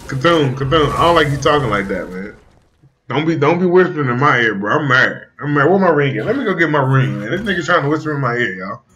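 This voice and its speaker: A young man streaming a card game, riffing in an animated, profane, storytelling banter. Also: medium pitch, fast talker. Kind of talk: comedic riffing while playing a card game.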